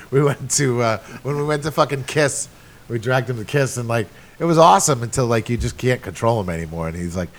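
A foul-mouthed man co-hosts a casual podcast chat. He rambles through stories, and his pitch rises and falls a lot. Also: expressive, fairly quick. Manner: swears constantly, rambling. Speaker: podcast co-host.

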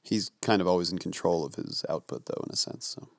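A man's voice: low-pitched, a little fast, vocal fry, dry recording, studio quality. A man co-hosting a casual comedy chat, bantering playfully with a friend. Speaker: podcast co-host.

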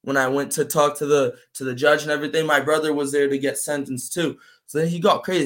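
A young man from Brazil, a native Portuguese speaker, telling his story in a casual interview, animated and full of "man" and "like". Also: on the high side, quick pace. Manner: animated, acts out voices in quotes, fills with "man" and "like". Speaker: guest.

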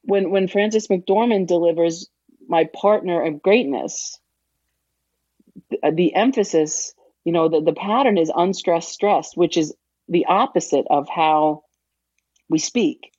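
A woman's voice: fairly low pitch, slow pace, darkish tone, husky, no room sound, lo-fi sound. A middle-aged woman, a former English teacher, talking as a podcast guest in a blunt, emphatic, profane way, explaining like a teacher. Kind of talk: casual podcast chat.

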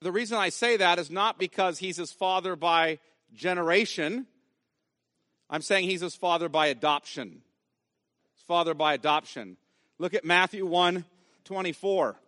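A man's voice: high-pitched, normal speed, pauses often, bright, forceful tone, no echo, studio quality. A man preaching a sermon as pastor, emphatic and repeating key phrases for weight.

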